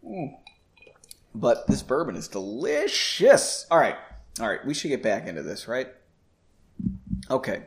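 A man's voice: medium pitch, wildly swooping pitch, unhurried, creaky, long pauses. A man hosting a podcast, reading a novel aloud with chatty, self-deprecating asides. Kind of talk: casual story reading with asides.

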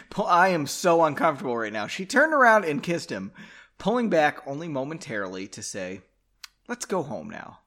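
Guy reading his own book on a podcast, drinking, roasting himself, swears a lot, lively up-and-down voice. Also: a little high, normal speed. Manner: sarcastic, profane, self-mocking. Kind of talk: comic read-aloud with asides.

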